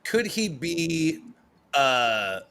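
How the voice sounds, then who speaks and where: A man with a lively, swinging delivery and a bright, forward tone rambles through his opinions on a comedy panel. He swears easily and drifts into fillers as he thinks aloud. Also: fairly high pitch, extremely slow. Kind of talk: casual comedy panel banter.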